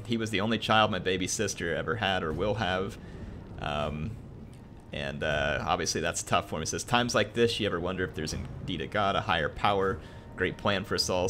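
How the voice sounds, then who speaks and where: A young man with a lowish, bright, forward voice reads a viewer's heartfelt message on his stream. He talks haltingly, with many ums and uhs, earnest and grateful throughout. A faint hiss sits under the voice. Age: young adult. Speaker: gaming streamer.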